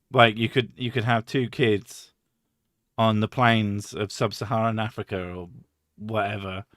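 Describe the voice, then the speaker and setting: A man's voice: on the low side, fairly bright tone, no room sound, studio quality. A man hosting a stream, rambling and swearing, laughing often in casual chat. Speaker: streamer host.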